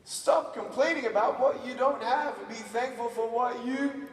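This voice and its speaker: A motivational speaker in his thirties with an Australian accent, who gives a lively stage speech, acts out scenes and calls on the audience to answer. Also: very high voice, moderate pace, a little hiss or hum. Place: large conference hall. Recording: distant, echoey hall recording.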